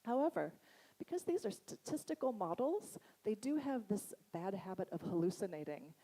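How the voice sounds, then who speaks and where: A woman's voice: medium pitch, rough recording. Chatty Boston woman at a conference. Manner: chatty and animated, laughs often. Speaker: conference speaker. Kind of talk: conference talk. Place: conference hall.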